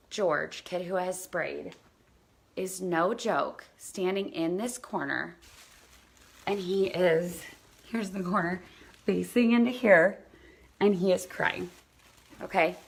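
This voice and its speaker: A woman host telling a parenting story in a casual, animated way, acting out what people said. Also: fairly low pitch, vocal fry, breathy edge. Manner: animated, acts out quoted dialogue, drops to near-whisper for quotes.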